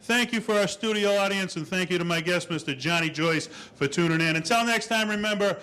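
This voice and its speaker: A man's voice: high voice, brisk, sharp tone. A man hosting a comedy show, signing off with an upbeat announcer delivery. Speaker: show host. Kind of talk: show sign-off.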